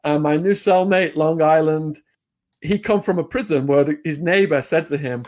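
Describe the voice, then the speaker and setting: A man's voice: on the high side, moderate pace, a little mellow. An English man, a podcast guest, telling a long story in a blunt, plain-spoken way with fillers and restarts. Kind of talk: casual storytelling.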